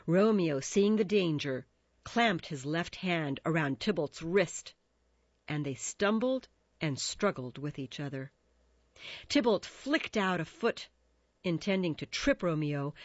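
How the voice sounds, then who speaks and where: Slow, expressive woman storyteller. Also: lowish voice, no echo. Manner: expressive, measured. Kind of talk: storybook narration. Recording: dull dry recording.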